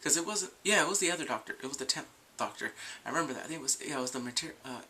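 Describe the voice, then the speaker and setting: A young man talks through a TV episode in a loose, rambling review. His voice has a gravelly edge and a bright, forward tone. He keeps acting out scenes in quoted voices, and faint room noise sits behind him. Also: a little high, expressive, rapid-fire. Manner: rambling, goes off on tangents, often laughs. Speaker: video reviewer.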